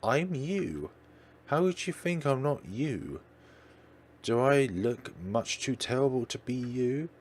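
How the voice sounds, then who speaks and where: A possessive young dream girl from a pixel horror game, clingy one moment and snapping the next, as a man reads her lines. The voice sits higher than his own and comes out raised and forceful. A faint hiss runs under it. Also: big pitch swings, takes it slowly. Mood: hurt. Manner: clingy, snapping between hurt and angry.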